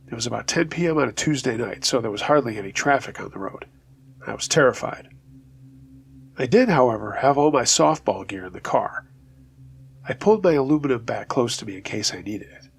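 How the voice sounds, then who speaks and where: A man hosting a storytelling channel, reading true scary stories in a steady, low-key scripted narration. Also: vocal fry, slightly rough.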